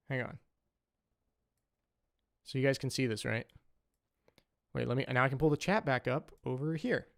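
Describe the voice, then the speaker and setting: There's some vocal fry in this young man's mid-range, slightly bright voice. Chatting on his livestream as a saxophonist, he rambles with plenty of "like" and "um."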